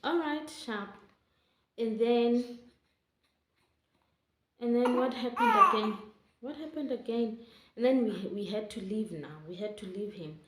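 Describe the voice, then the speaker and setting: A woman's voice: on the high side, a little slow, pauses often, slight background noise. A young woman telling her story to camera in a chatty, emotional way, often calling her viewers guys. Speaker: vlogger. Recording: roomy echo.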